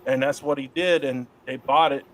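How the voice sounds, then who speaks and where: A middle-aged man telling wrestling stories in a casual interview, profane and lively. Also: mid-range voice, normal speed. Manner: profane, animated storyteller doing voices of others in quotes. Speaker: guest, wrestler.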